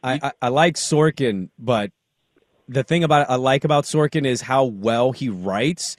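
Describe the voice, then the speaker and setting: A man's voice: mid-range voice, measured pace, no room sound, studio quality. A man co-hosting a casual chat, asking easygoing questions.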